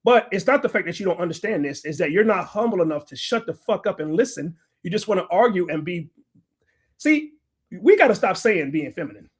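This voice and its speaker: A man's voice: high-pitched, lively intonation, fairly quick, husky. A middle-aged man hosting a livestream, lecturing and arguing with viewers in a combative, profane rant. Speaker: livestream host. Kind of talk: ranting livestream commentary.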